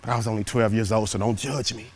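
A man giving a motivational speech through storytelling, animated and dramatic, swinging from loud peaks to hushed asides. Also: fairly low pitch, fast, breathy edge. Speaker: motivational keynote speaker.

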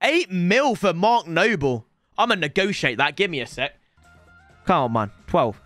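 Young man, gameplay commentary, slangy, excitable outbursts, dry close sound, faint music. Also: high voice, normal speed, no room sound. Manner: chatty slang, addresses viewers as lads. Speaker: gaming YouTuber.

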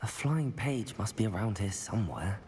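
A man playing a polite young wizard student, calm and reserved. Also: on the low side, moderate pace, very noisy.

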